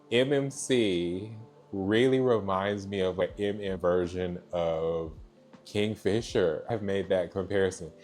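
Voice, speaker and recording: Chatty low-voiced man reviewing books. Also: a little mellow. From Georgia, US. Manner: chatty, gushing, repeats "so yeah". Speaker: book reviewer. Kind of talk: casual book review chat.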